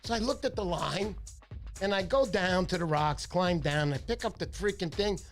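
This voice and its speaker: A man's voice: high-pitched, moderate pace, soft background music. Chatty New man with a cold. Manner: chatty storyteller, animated impressions. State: stuffy nose from a cold. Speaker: fishing livestream host. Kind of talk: casual livestream chat.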